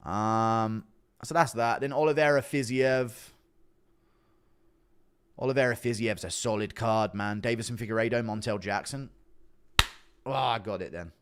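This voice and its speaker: A man's voice: lowish voice, normal speed, long pauses, smooth. A young man chatting casually on a livestream, offhand and swearing, jumping between topics. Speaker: streamer reacting to chat.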